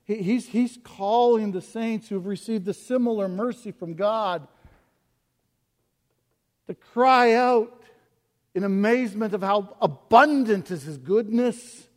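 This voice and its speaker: Male pastor, sermon, impassioned, rhetorical questions; high voice, long hall reverb. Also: takes it slowly. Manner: impassioned preaching, swings from soft to loud, repeats rhetorical questions.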